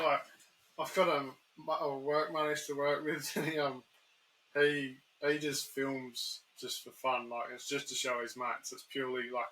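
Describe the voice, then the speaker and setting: A man's voice: mid-range voice, sharp tone, a little hiss or hum, poor audio. An Australian man chatting as a podcast guest, laid-back and rambling, swearing casually. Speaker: guest YouTuber. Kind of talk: casual chat.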